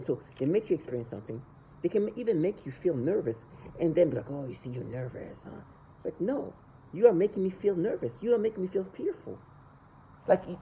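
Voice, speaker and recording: Over poor audio and a faint underlying hum, a woman addresses the camera in her personal vlog with a low, mellow, warm voice. Her delivery is earnest and pressing, marked by stumbles, repeated words, and restarted sentences.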